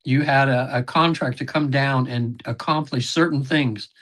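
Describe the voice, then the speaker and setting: A man talking at a middle pitch, rambling through stories with lots of "you know" and "um". He clears his throat often and acts out what other people said. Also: steady tone, normal speed, a bit bright. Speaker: podcast guest, regression session facilitator. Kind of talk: casual interview storytelling.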